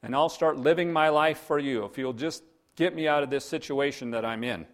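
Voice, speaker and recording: A man voicing a desperate man stuck on a cliff, shouting and pleading for help. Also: on the high side, brisk, close to an everyday voice.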